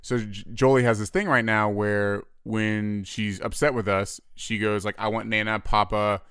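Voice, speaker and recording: A man in his thirties co-hosts a podcast, telling stories with lively mimicry. His voice is lowish and smooth, close and dry on the mic. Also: normal speed, no echo. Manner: animated storyteller, mimics voices. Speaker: podcast co-host. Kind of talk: casual chat.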